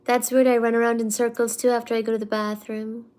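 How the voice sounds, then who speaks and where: A woman's voice: fairly high pitch, level tone, quick pace, a little mellow. A woman hosting a casual live study stream from home, chatty and full of fillers, cooing baby talk to her cat between topics. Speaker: livestream host. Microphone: computer mic during a livestream.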